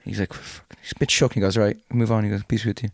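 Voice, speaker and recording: A man's voice: fairly low pitch, flat delivery, rapid-fire, no room sound, studio quality. A young man co-hosting a podcast, telling rude jokes in casual chat with laughing asides. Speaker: podcast co-host. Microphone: close podcast mic.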